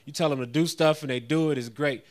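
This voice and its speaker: A man in his thirties doing a stand-up routine on stage, mostly deadpan, working up into indignant rants. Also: on the high side, fast talker. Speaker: stand-up comedian. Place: live comedy venue with an audience.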